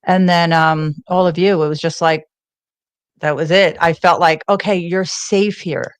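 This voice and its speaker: A woman's voice: fairly low pitch, fairly even intonation, a little slow, smooth, no room sound. A woman guest in a casual chat over a video call, grateful and playful, with a little stammer at the start of her sentences.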